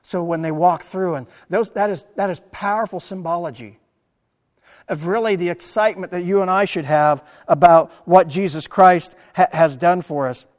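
A man preaching a sermon as pastor, animated, acting out the crowd's words in his talk. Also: high-pitched, normal speed, big-room sound. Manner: animated preaching, acts out quoted crowd lines.

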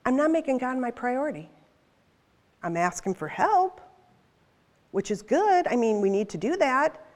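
Woman preacher, fifties, slightly high voice, chatty and animated from the pulpit, long reverberant hall sound. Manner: conversational, animated, with quick asides. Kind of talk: sermon.

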